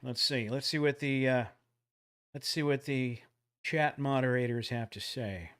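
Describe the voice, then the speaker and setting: A man hosting a casual livestream trivia giveaway, joking around and calling out loud countdowns. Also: medium pitch, unhurried, clean tone. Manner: jokey, animated, loud countdowns.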